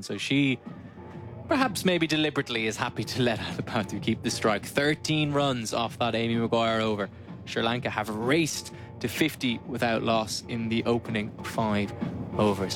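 Brisk male cricket commentator. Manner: brisk, lifts pitch on big shots, dry asides. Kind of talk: live ball-by-ball commentary.

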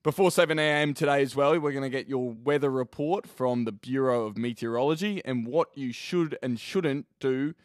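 A man's voice: medium pitch, moderate pace, few pauses, no echo, studio quality. A man with an Australian accent, hosting morning radio with teasing, upbeat banter. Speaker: radio host.

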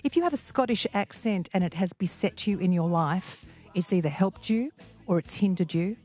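A woman's voice: mid-range voice, animated, moderate pace, dark tone, faint music behind. A woman hosting a radio phone-in, chatty and teasing as she talks to listeners and guests. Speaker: radio host.

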